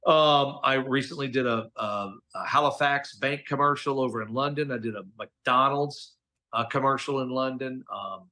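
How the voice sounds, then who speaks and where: A middle-aged man tells stories as a guest in a relaxed interview, at a pitch that is neither high nor low. He talks in an animated, chatty way and drops casual slang as he goes. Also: normal speed. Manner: animated, chatty storyteller, slangy with "dude" and "okay?". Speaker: voice actor guest.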